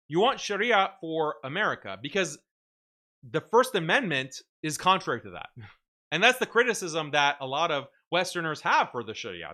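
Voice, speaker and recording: Bright-voiced mocking male host. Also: high-pitched. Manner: mocking, combative, laughs at his own points. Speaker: show host. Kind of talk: argumentative commentary.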